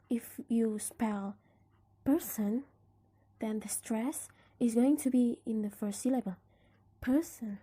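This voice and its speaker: A young woman with an Indonesian accent, giving a student class presentation on word stress, explaining carefully with examples and often dropping into a breathy near-whisper. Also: on the high side, warm tone. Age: young adult.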